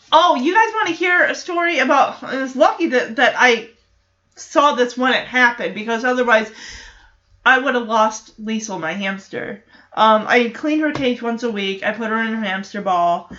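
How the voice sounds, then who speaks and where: A woman's voice: on the high side, pushed and bright, muffled recording. A woman giving a casual, chatty reaction commentary on a TV episode, exasperated and prone to personal tangents. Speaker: show recap host.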